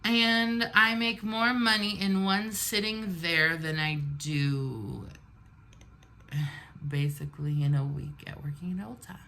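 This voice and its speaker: Venting woman in her forties, bright voice. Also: on the low side, slow. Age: 40s. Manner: venting, animated, blunt. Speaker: vlogger. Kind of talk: get-ready-with-me storytime.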